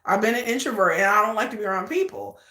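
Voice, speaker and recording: A woman's voice: medium pitch, fast talker, sharp tone, echoey room. A woman hosting a casual livestream, gushing and laughing as she acts out quotes. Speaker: livestream host.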